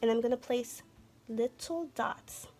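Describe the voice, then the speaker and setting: Gentle encouraging woman art instructor. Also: fairly high pitch, unhurried, soft background music. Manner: gentle, encouraging, talks to viewers directly. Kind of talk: children's art lesson.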